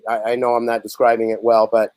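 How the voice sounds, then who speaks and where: A man telling a long story in a relaxed interview, slipping into quick voices for the people he quotes. His voice sits at an ordinary pitch, and the sound is dry and close with no room echo around it. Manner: animated storyteller, acts out others' lines. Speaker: lead singer and songwriter, guest.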